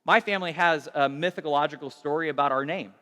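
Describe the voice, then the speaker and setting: A man's voice: fairly high pitch, fast, pushed and bright, big-room sound. A man preaching a casual, conversational sermon, telling stories with a self-deprecating, loose manner and plenty of restarts. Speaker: pastor.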